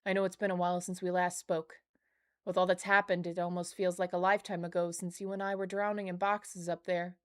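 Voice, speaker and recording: A woman's voice: fairly low pitch, level tone, a little fast, voice pushed down, lightly acted. A woman reading out a nervous letter from a male factory head of shipping, in nearly her own voice. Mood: uneasy.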